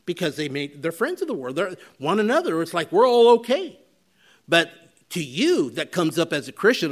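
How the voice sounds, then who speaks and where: A man's voice: fairly high pitch, huge pitch swings, normal speed. A man preaching a sermon in a conversational way, with frequent fillers and restarts, and he acts out the voices of people he quotes.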